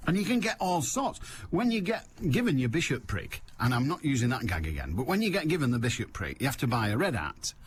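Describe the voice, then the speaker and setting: A man's voice: mid-range voice, sing-song, fast talker, few pauses, a little hiss or hum. A man hosting a call-in radio show, talking in a wry, digressive, jokey monologue. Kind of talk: rambling comic monologue.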